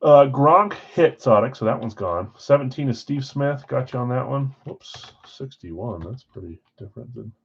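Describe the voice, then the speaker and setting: A man's voice: medium pitch, lively intonation, moderate pace, gravelly, few pauses, husky, dull audio. A man hosting a live sports card break, casually rattling off player names and who got which spot.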